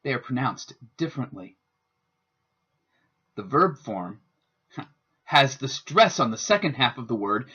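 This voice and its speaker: A man giving a scripted instructional narration as a student presenter, with a careful, deliberate teaching delivery. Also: medium pitch, sing-song, fairly bright tone, husky. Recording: dull lo-fi voice-over.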